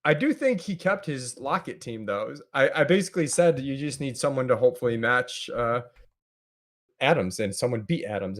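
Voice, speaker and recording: A man guesting on a casual podcast chat, explaining strategy in an analytical way with frequent restarts. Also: medium pitch.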